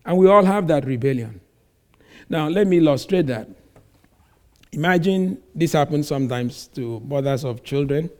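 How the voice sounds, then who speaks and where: A man preaching a sermon, reading scripture slowly and stressing words with sudden loud emphasis. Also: a little high, animated.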